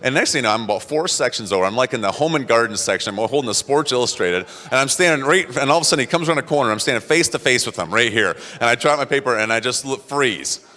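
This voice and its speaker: Fast, bright-voiced man telling stories. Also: mid-range voice, in a large hall. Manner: animated, acts out quotes, laughs at himself. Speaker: motivational speaker. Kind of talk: storytelling talk to an audience.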